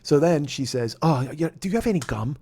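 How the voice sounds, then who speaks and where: A husky, fairly high voice with lively intonation belongs to a forties-aged man hosting a podcast. Talking a little fast, he meanders through a foul-mouthed story and grows heated and shouty along the way.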